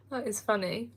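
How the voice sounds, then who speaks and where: A woman's voice: a little high, darkish tone, husky. A woman in her twenties with a Kent accent, chatting casually on a livestream and answering viewer comments with frequent laughs. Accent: Kent English. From England. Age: 20s. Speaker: livestream host. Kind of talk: casual live chat.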